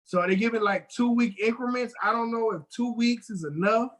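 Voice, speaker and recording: A man co-hosting a podcast in a casual chat, blunt, teasing and quick to swear. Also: extremely high pitch, fairly bright tone, low-quality recording. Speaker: podcast co-host.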